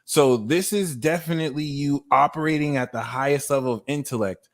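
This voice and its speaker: A man in his thirties giving a livestream tarot reading, talking in a blunt, animated way and swearing freely. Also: on the high side, fairly quick. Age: 30s. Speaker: tarot reader.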